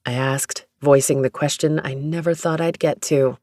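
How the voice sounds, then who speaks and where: An audiobook narrator reading a first-person romance story in a steady, even storytelling manner. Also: medium pitch, normal speed, no room sound, clean studio sound.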